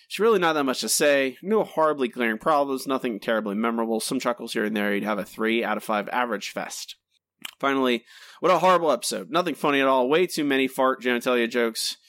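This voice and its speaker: Brief: quick-paced male podcast co-host, candid critic, dry close sound. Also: mid-range voice, fairly bright tone, no room sound. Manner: candid and critical, hesitant when unsure. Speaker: podcast co-host, episode reviewer. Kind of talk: casual chat, spoken review.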